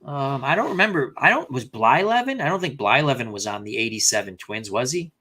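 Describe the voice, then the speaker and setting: Man, bright voice, casual live-stream host, chatty, thinks out loud. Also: medium pitch, very animated, brisk. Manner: chatty, thinks aloud, reads viewer comments.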